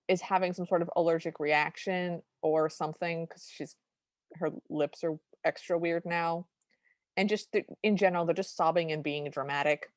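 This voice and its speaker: Podcast co-host, female, lower register, chatty recap delivery, close dry mic. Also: a little mellow, no echo. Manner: chatty, recounting plot with quoted lines. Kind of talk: casual recap chat.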